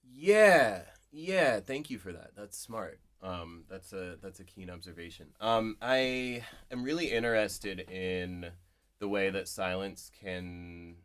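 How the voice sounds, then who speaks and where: A man's voice: low voice, takes it slowly, a bit bright, clean tone. A man, a poet, speaking thoughtfully at a live bookshop event, wandering through his ideas with lots of "like" and "right?". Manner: thoughtful, digressive, full of "like" and "right?". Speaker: poet, interview guest.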